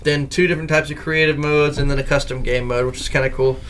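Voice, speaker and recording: A man hosting a casual gaming podcast, telling stories in a lively way and laughing often. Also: a little high, fast talker, a little hiss or hum. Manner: animated storyteller who laughs often. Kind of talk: casual chat.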